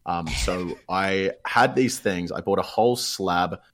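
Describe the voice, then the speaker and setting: A man's voice: low voice, a little slow, fairly bright tone. A young Australian man telling a long story in a casual chat, rambling and swearing freely.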